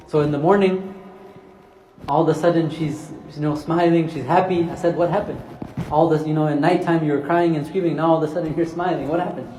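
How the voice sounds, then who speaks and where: A man's voice: on the high side, warm tone, roomy sound, slight background noise, poor audio. A young man giving a Ramadan sermon as a mufti, telling stories to his listeners and mixing in Arabic phrases. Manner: addresses respected listeners, mixes Arabic phrases. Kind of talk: sermon with storytelling. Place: mosque.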